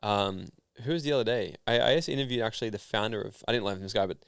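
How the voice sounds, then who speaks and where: Smooth-voiced Australian man, casual storytelling. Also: on the low side, rapid-fire, dry recording, studio quality. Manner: animated storyteller, filler-heavy. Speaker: podcast guest, founder and speaker. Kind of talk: casual interview chat.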